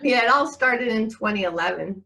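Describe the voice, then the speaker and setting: A woman's voice: a little high, expressive, normal speed, creaky, bright, forceful tone, rough recording. Middle-aged lady chatting as a guest, rambly storyteller, laughs a lot, plays out the quotes. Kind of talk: casual chat.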